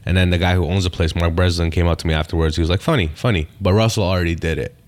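A man's voice: low-pitched, fairly even intonation, rapid-fire. A man, a stand-up comedian and podcast guest, talks laid-back in casual chat, swearing freely and repeating phrases. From Canada.

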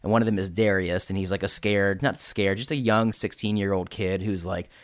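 A man's voice: low-pitched, steady tone, fairly quick, no echo, studio quality. A young adult man who hosts a tabletop game podcast and runs the games, talking casually with many fillers and some swearing. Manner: rambling, swearing, filler-heavy. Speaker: game master and podcast host. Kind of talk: casual chat.

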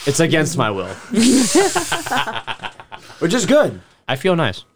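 A man's voice: on the high side, huge pitch swings, slow pace. A young man in casual podcast chat, drunk, giggly and rambling. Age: young adult. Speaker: podcast co-host.

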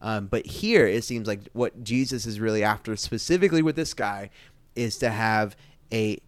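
A man talking through a Bible passage in a casual discussion, thoughtful and halting, with many restarts. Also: on the low side, dry recording.

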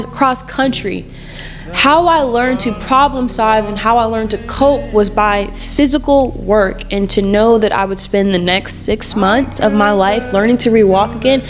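With faint music in the background, this woman speaks at a fairly high pitch and a slightly slow pace. In her twenties, she hosts a personal podcast, recounting her story openly and conversationally and repeating phrases for emphasis.

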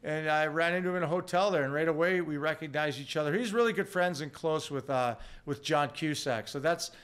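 Former player, male, halting storyteller, smooth and somewhat high. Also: fairly bright tone. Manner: halting, many "you know" fillers. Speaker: podcast guest, former hockey player. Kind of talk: casual anecdote.

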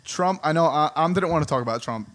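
Animated young man, slightly high. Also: quick pace. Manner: animated, profane, laughs often. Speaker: podcast co-host. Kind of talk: casual chat.

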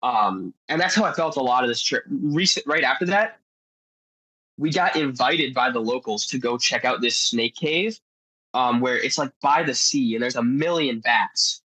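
A mid-range, slightly rough male voice at normal speed, recorded dry and roughly. He's an animated podcast guest telling adventure stories, wandering off casually and scattering "like" fillers everywhere.

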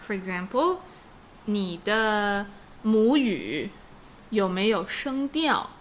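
A woman teaching Chinese vocabulary in a bilingual lesson, patient and quick to laugh. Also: mid-range voice, animated, slight background noise. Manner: patient, explains slowly, laughs easily.

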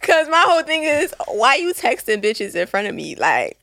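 A young woman with a Philadelphia accent, co-hosting a podcast in blunt, laughing, animated casual chat. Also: on the high side, normal speed, no room sound. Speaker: podcast co-host.

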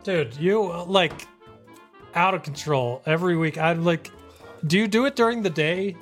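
A man co-hosting a live-streamed podcast, rambling casually and laughing often. His voice sits a touch high, and faint music runs quietly behind him. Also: normal speed. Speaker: podcast co-host.

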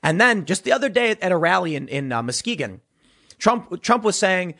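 A male political commentator whose voice sits high talks at normal speed in a sarcastic opinion monologue aimed directly at his audience. He is animated and mocks others' voices.

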